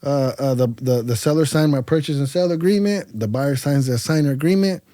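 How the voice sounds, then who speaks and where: A man from California's Central Valley, a podcast guest telling stories in a casual way, acting out both sides of his conversations with lively voices and often stumbling over and repeating his words. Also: on the high side, a little fast, no room sound, clean studio sound. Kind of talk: casual storytelling.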